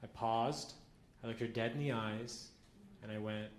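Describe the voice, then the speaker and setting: A man doing stand-up storytelling on a club stage, with a dry deadpan delivery. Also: lowish voice, measured pace. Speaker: stand-up comedian. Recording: echoey club with faint crowd noise.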